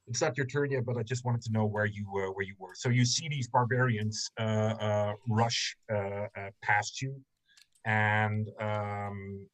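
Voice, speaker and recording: A man narrating a tabletop game as game master, pausing often with ums and restarts. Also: fairly low pitch, steady tone, poor audio. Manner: hesitant, many ums and restarts.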